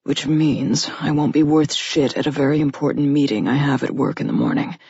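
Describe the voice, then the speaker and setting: A woman voicing a gruff, heated male lover. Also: steady tone, a little fast, mellow, no echo, muffled recording, heavily acted. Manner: low, heated, urgent. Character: gruff, hungry-voiced adult male lover.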